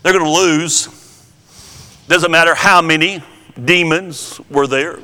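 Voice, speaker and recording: Preaching at a slow, deliberate pace, a man teaches from the Bible in a steady tone, his high voice bright and forceful. He repeats key words for emphasis, and a long reverb carries his words through the hall.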